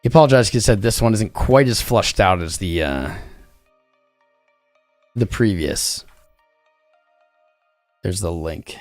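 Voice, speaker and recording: A man's voice: lowish voice, a little slow, long pauses, no echo, faint music behind. A tired man hosting a livestream, chatting casually in a rambling, jokey way. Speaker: crypto livestream host.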